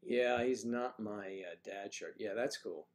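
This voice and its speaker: Reading comments aloud and welcoming viewers by name, an older man hosts a relaxed, playful morning livestream. His voice sits lowish and runs a little slow.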